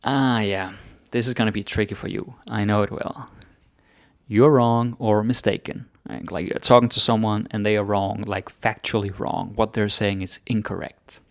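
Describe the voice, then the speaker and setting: A man teaching grammar in a relaxed, chatty way, thinking aloud with fillers. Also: on the low side, normal speed, creaky, no echo, studio quality. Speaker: Danish language teacher. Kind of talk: casual grammar lesson.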